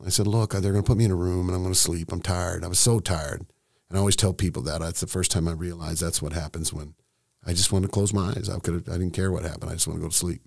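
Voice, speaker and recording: Low, gravelly-voiced man telling a story. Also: steady tone, a little mellow, no echo, clean studio sound. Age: middle-aged. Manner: emotional, halting, many restarts. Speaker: estate planning seminar host, guest. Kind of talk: candid storytelling in conversation.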